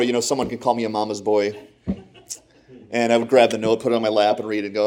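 A man's voice: lowish voice, fast talker. Man telling self-deprecating stories. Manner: self-deprecating, animated storytelling. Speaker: preacher. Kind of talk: humorous sermon storytelling.

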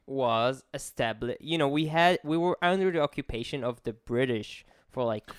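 A man, co-hosting a podcast and explaining events at length with halting restarts. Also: medium pitch, clean tone, dry recording, clean studio sound. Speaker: podcast co-host. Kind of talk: casual explanatory chat.

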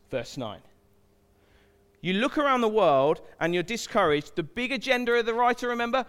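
A man's voice: high-pitched, big pitch swings, moderate pace, fairly bright tone, big-room sound. A man preaching a sermon in a chatty, joking way, often checking in with the congregation. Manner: chatty, joking, asks the congregation frequent "okay?".

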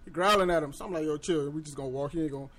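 A man's voice: a little high, racing. A man hosting a casual podcast, telling stories in a slangy, profane way and acting out what people said. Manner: animated, profane, slangy storyteller acting out quotes. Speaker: podcast host. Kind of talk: casual storytelling chat. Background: friends chatting and laughing.

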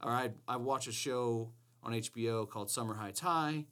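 A man's voice: mid-range voice, normal speed. A man from Georgia in the US, co-hosting a podcast in crude, playful banter. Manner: animated, profane, playful jokey delivery. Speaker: podcast co-host.

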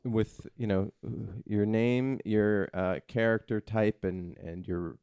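A man hosting casual group banter, joking with quick comebacks. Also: on the low side, steady tone, a little mellow, clean tone, no echo. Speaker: host.

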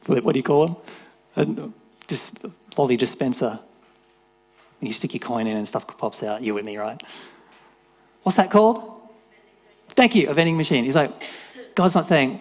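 A man delivers a casual sermon in an easygoing, conversational way. His voice sits at an ordinary middle pitch. He keeps acting out the voices and climbs into excited shouts. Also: moderate pace, in a large hall. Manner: animated, acts out voices, rises to shouts. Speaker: preacher.

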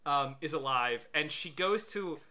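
A man's voice: a little high, expressive, measured pace, pushed and bright. A man in casual chat reviewing a movie, rambling with stammered restarts.

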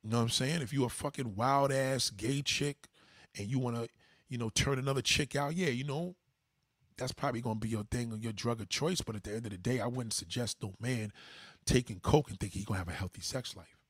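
A man's voice: brisk, slightly rough, no echo, clean studio sound. A man hosting a livestream, giving blunt, profane advice to his viewers in a casual, preachy way. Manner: mimics others in higher pitch. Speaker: livestream host.

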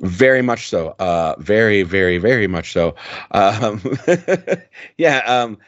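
A man's voice: lowish voice, lively intonation, slow, no room sound. Laughing man in his forties, dull audio. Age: 40s. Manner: laughs often, quotes lyrics in a sing-song. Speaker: podcast co-host. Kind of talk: casual chat.

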